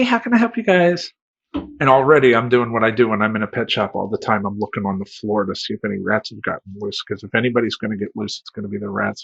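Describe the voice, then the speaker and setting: Guy rambling thru a funny story, self-mocking, gravelly voice, dull lo-fi audio. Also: fairly low pitch, fairly bright tone. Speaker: life coach telling a story. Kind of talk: comedic personal storytelling. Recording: dull lo-fi sound.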